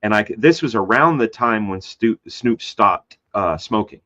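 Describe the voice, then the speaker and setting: A man, a comic book artist, telling a rambling story in casual conversation, jumping into high voices to act out quotes. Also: normal speed. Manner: animated, acts out quoted voices with big pitch jumps; loose and rambling with many fillers and restarts. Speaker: guest. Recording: slightly dull lo-fi sound.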